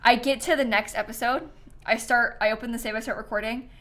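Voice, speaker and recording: A woman's voice: on the high side, fairly even intonation, brisk, sharp tone. A woman livestreaming a game, chatting casually and telling stories with frequent laughter. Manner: chatty storyteller, laughs often. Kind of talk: casual gameplay stream chat.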